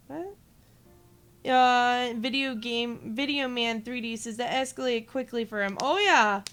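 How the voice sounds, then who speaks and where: A woman's voice: fairly high pitch, unhurried, a bit bright, clear, resonant tone. A woman in her twenties, a game streamer, ranting in casual live-stream chat and swearing freely. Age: 20s.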